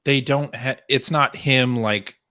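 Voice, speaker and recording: A man's voice: mid-range voice, steady tone, takes it slowly, pushed and bright, no room sound, studio quality. A man hosting a casual gaming podcast, upbeat as he brings up new topics. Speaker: podcast host. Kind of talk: casual chat.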